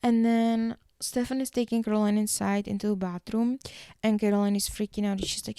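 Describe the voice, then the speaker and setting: Woman doing a podcast recap, acts out the lines, creaky kinda gravelly voice, dry close sound. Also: mid-range voice, level tone, mellow, no echo. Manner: retells scenes and acts out the characters' lines in quick shifting voices. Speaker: podcast host recapping a TV episode. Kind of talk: casual episode recap.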